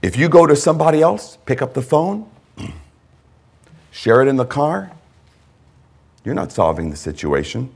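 A male pastor preaching a sermon, emphatic, with repeated phrases and swings between loud and hushed delivery. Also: medium pitch, sing-song, measured pace, vocal fry, pauses often, slightly rough.

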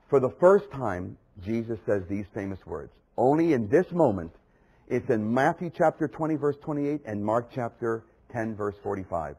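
A man's voice: medium pitch, expressive, normal speed, warm tone, husky, low-quality recording. A man preaching a sermon with impassioned, emphatic repetition.

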